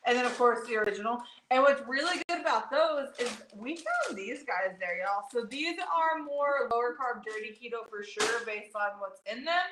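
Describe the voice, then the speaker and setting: A woman's voice: a little high, animated, normal speed, hardly any pauses, fairly bright tone. A woman chatting animatedly to her viewers as co-host of a food vlog. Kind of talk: casual chat. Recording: echoey room with faint noise.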